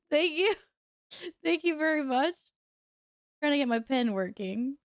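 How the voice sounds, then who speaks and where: A woman's voice: sits high, big pitch swings, takes it slowly, dry recording, clean studio sound. A woman streamer chatting casually with her viewers while gaming at home, laughing often and reacting aloud.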